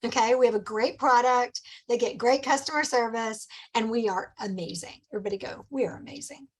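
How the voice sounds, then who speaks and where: A middle-aged woman leads a team meeting with a bright, high-pitched voice. She coaches in an upbeat, encouraging way and slips into quick acted-out customer lines. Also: poor audio. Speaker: sales director leading a team meeting. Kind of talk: motivational team meeting talk.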